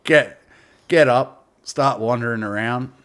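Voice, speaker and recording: A man's voice: mid-range voice, a little slow, fairly bright tone, smooth. A man telling a long, rambling story as a podcast guest. He laughs often and swears freely in heavy slang. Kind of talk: casual storytelling.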